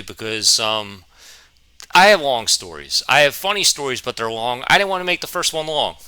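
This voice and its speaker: A man in his twenties telling a rambling, animated, self-mocking story in a vlog, a little out of breath. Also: mid-range voice, smooth, no echo. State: a bit out of breath. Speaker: vlogger.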